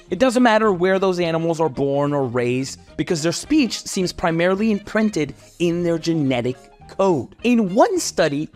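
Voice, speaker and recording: A man's voice: high-pitched, a little mellow. A young French man with a French accent, narrating a playful comedic explainer in a chatty, self-interrupting way. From France. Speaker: comedy creator. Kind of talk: comedic educational sketch narration.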